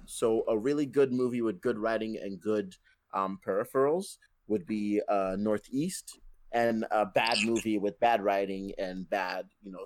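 A man's voice: on the low side, no echo. A man hosting a casual film review podcast, rambling with many fillers and restarts. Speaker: podcast host.

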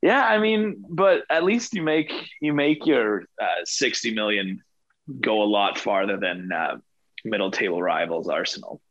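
Deadpan, sarcastic man on a dull mic. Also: lowish voice, a little slow, no echo. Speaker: podcast co-host. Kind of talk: casual sports chat. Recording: dull, dry lo-fi sound.

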